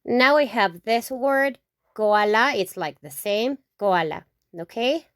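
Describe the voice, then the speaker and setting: A woman's voice: fairly high pitch, lively intonation, measured pace, no room sound, studio quality. A woman teaching. She goes through a vocabulary lesson patiently, repeating each example word several times and checking in with "okay?". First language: Spanish. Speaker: Spanish teacher. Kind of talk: slow alphabet lesson with repeated example words.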